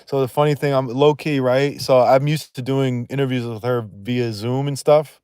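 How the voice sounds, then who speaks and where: A man's voice: mid-range voice, steady tone, normal speed, a little mellow, smooth, no echo, clean studio sound. A man hosting a livestream in loose, profane, rambling chat, laughing often and trailing off mid-thought. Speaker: livestream host.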